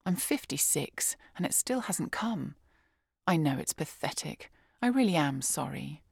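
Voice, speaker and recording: A woman reading aloud, voicing a fragile, sorrowful English mother of fifty-six who speaks quietly and hesitantly. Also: low voice, sing-song, measured pace, creaky, slightly rough, no room sound, clean studio sound, full character voice. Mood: sad, subdued.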